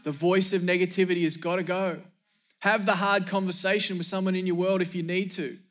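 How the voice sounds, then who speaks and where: A man's voice: high-pitched, level tone, a little fast, a bit bright. A man preaching a sermon as pastor, emphatic, repeating key lines for effect and dropping in joking asides.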